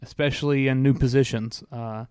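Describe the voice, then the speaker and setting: Guy on a sports podcast going down a roster, clean smooth voice, dry close sound. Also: medium pitch, steady tone, moderate pace, darkish tone, no echo. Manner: reads through a team roster, musing aloud with many "uh"s. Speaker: podcast co-host. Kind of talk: casual sports chat.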